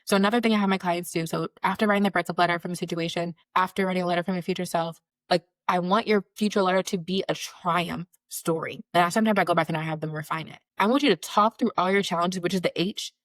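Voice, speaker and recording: A woman's voice: fairly low pitch, steady tone, fast talker, few pauses, no room sound. A woman in her thirties, a career coach hosting her own show, talking earnestly and repeating phrases for emphasis. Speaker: career coach and podcast host. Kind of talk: motivational solo talk.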